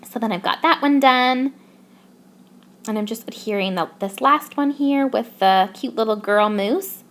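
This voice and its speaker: Bubbly young canadian-born woman talking thru her craft project, fairly high voice, gushes over everything cute. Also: a little slow. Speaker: craft YouTuber. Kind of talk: voice-over craft process narration.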